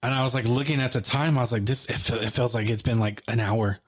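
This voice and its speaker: A man's voice: medium pitch, fairly even intonation, quick pace, breathy edge. A man co-hosting a podcast, retelling an emotional story and acting out the phone calls in quoted dialogue. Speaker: podcast co-host. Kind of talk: emotional storytelling in casual conversation.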